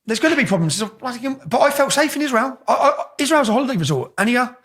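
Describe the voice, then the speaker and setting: English guy, highish husky voice, swings up and down a lot, swears telling his story. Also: fast talker. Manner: animated, swears freely, acts out quotes. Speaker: interview guest. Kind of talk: casual storytelling.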